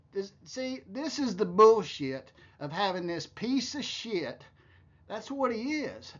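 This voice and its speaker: A man's voice: high voice, dull audio. A man giving heated, scornful commentary, ranting with profanity. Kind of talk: angry commentary.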